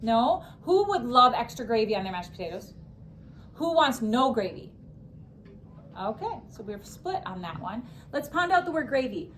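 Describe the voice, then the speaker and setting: A young woman teaching spelling to a class, her high voice calling out words and drawing them out for emphasis. She talks with upbeat quick asides between the words. Faint room noise sits beneath her in the classroom. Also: very animated, a bit bright.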